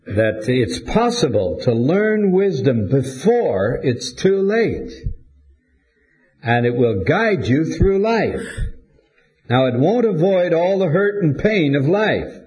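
A man preaching a sermon to his congregation in a measured, deliberate way with pauses. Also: on the high side, big pitch swings, darkish tone. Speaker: pastor.

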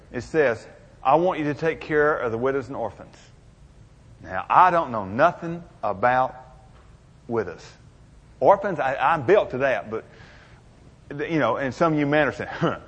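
A man's voice: mid-range voice, a bit bright, husky. Older man, folksy speaker with jokes, lo-fi recording in a reverberant hall. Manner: folksy, humorous, drawling storyteller. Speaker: motivational speaker. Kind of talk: storytelling speech to an audience. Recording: muffled, echoey hall.

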